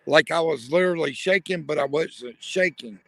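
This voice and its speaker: Gravelly man questioning spirits outdoors. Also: on the high side, moderate pace, dry recording. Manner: hushed, questioning, addresses unseen spirits. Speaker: paranormal investigator. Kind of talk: ghost-hunting vlog narration. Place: outdoors at night near a building.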